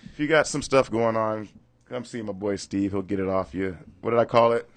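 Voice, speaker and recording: Guy hosting a podcast, lowish voice, rambles through stories, chuckles at himself. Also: fairly quick, a crowd in the background. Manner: loose storytelling, laughs at himself. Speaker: podcast host. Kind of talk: casual chat.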